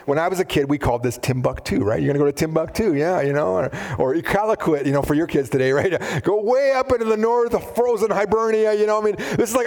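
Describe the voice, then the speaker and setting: A man preaching a sermon, animated, often acting out biblical dialogue in different voices. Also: high voice, quick pace, hardly any pauses. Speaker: pastor.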